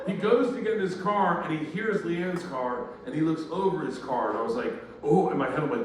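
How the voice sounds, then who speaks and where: A stand-up comedian man tells a long story on stage and acts out the characters' voices as he goes. His voice sits a touch high for a man. It is caught from a distance in a booming, echoey room full of noise. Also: moderate pace, hardly any pauses. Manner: loud animated storytelling, acts out quoted voices, audience laughter. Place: live comedy venue. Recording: loud roomy ambience, distant mic.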